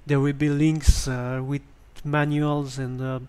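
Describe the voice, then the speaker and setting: A man with a French accent explains things step by step, slowly and with plenty of ums and restarts. His voice is smooth and clear, sitting a touch high for a man. The sound comes from a basic standard microphone. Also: level tone, darkish tone. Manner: hesitant, many ums and restarts. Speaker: tutorial presenter. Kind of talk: hesitant spoken tutorial.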